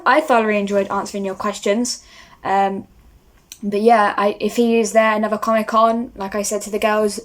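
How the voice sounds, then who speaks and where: Young woman, vlogger, casual rambling chat, mid-pitched voice. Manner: rambling, starstruck, many fillers. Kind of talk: casual talk to camera.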